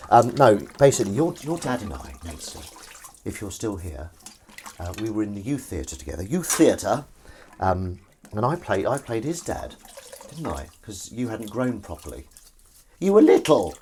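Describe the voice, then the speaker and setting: With big pitch swings in a lowish, darkish voice, this man speaks at a moderate pace. He's washing up during a live stream, rambling and teasing his viewers, with running water and dish clatter behind and slight background noise.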